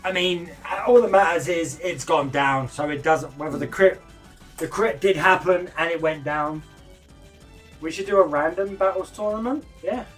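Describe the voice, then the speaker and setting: A man co-commentating a game tournament live, laid-back with occasional bursts of excitement. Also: fairly high pitch, normal speed, faint music behind.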